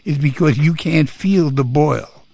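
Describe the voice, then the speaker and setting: A man's voice: on the high side, unhurried, creaky, darkish tone, breathy edge, no echo. A man hosting a call-in radio show, coaching a caller in a pushy, coaxing way and repeating his commands. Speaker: radio host.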